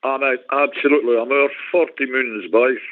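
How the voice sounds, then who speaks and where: Ecstatic caller on a phone. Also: male voice, mid-range voice, fairly even intonation, fairly quick. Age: 40s. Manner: ecstatic, punchy. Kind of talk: casual phone-in chat. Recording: tinny phone line.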